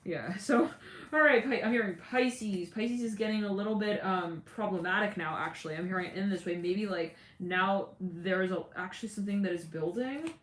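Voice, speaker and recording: A woman's voice: mid-range voice, moderate pace, fairly bright tone. A woman giving a casual, rambling tarot reading who often laughs and acts out what people say. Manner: rambling, voices quoted figures, laughs often. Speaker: tarot reader. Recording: echoey room with faint ambience.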